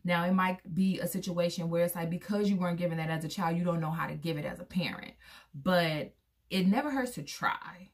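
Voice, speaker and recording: A woman and mother giving her candid opinions to viewers in a casual vlog, acting out quoted voices with big jumps in pitch. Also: fairly quick. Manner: candid, talks straight to viewers. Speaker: vlogger; parent of a son.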